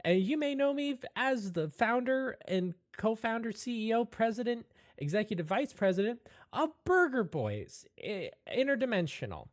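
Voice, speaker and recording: A woman's voice: on the high side, voice pushed up. A woman voicing a bubbly female food show host who rattles off grand titles in presenter patter. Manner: peppy, self-important presenter patter.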